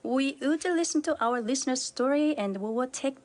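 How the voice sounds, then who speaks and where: A woman therapist, a native Korean speaker, explaining calmly as a radio guest. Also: high voice, normal speed. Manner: calm, explanatory, with restarts. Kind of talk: radio interview. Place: radio studio.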